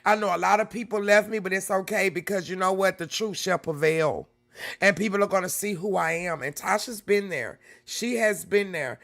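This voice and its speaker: A woman's voice: lowish voice, vocal fry, fairly bright tone. Blunt, profane woman streamer talking to her chat. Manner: blunt, profane, talks straight to her viewers. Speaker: livestream host. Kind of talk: casual livestream chat.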